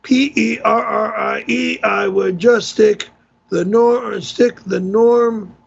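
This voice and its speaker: Irritable male streamer, high gravelly husky voice, slow grumbling delivery, dull lo-fi sound. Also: fairly even intonation, a little hiss or hum. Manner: gruff, irritable, exasperated, swears. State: wearing a tight neck brace. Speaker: livestream host reading tips. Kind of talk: casual livestream talk.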